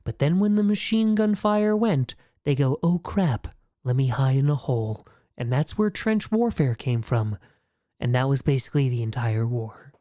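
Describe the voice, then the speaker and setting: A man doing a hushed ASMR history narrator. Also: mid-range voice, no echo, clean studio sound, pitched below the performer's own voice, natural voice. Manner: slow, hushed, soothing delivery. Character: soft-spoken male ASMR history narrator. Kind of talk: whispered role-play.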